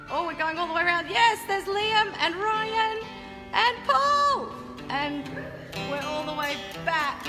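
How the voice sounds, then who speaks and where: An Australian woman leading a choir rehearsal, upbeat and encouraging, who breaks into song to show the parts. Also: high-pitched. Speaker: choir leader. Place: large town hall. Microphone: camera on a tripod, far from the speaker. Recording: echoey hall from far off, with music. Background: choir and instrument.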